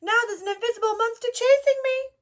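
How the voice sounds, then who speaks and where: Lady putting on a squeaky lil boy mouse, jumpy and scared easy, storybook voice way up high. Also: quick pace. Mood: frightened. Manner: breathless and anxious. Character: excitable, timid little male mouse.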